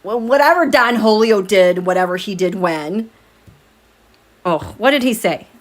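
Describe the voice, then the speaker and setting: At night from home, a woman hosts a tarot livestream, chatting casually and animatedly with viewers, laughing often and reading their comments aloud. Her voice is mid-range and a little slow.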